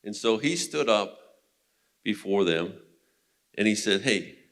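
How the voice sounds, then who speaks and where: A man's voice: on the low side, expressive, slow pace, fairly bright tone. A man teaching a men's Bible study in a casual, conversational way, retelling scripture stories and laughing now and then.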